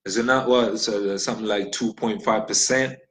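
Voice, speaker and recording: A man's voice: on the low side, steady tone, brisk, a bit bright, low-quality recording. A man from Nigeria delivering an impassioned, blunt monologue, swearing freely and firing off rhetorical questions. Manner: blunt, profane, ranting.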